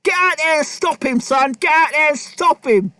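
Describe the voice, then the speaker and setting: A blunt boxing trainer , put on by a man, leans into his fighter with short repeated commands. The voice sits very high and sounds close and dry. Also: moderate pace, pushed and bright, no echo. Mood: urgent. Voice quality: blunt, pushy, repeats orders.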